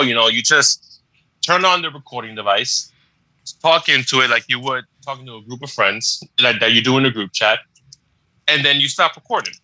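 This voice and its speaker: A man's voice: mid-range voice, pushed and bright, no echo, low-quality recording. A man co-hosting a podcast, chatting casually in slangy speech. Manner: laid-back storytelling with slang and cursing. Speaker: podcast co-host.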